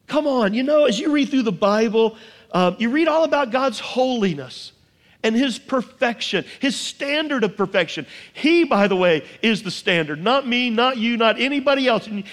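High pitched guy preaching a sermon, emphatic, stretches words out, big echoey church. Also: expressive, fairly bright tone. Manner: emphatic, rhetorical questions, drawn-out slow lines. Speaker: pastor. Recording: long hall reverb.

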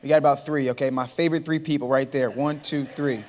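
A man's voice: medium pitch, quick pace. A man in his thirties, a motivational speaker telling stories to a live audience and calling out to the crowd. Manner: lively storyteller, calls out to the crowd. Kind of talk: storytelling talk to a live audience. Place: large hall before an audience. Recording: long hall reverb.

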